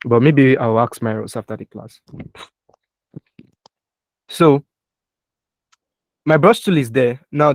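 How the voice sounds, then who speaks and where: A man's voice: medium pitch, no room sound. A young man teaching a live online design class through a computer mic, often checking that students are following and spelling out keyboard shortcuts step by step. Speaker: design instructor. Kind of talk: live online software tutorial. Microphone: computer mic with keyboard taps heard.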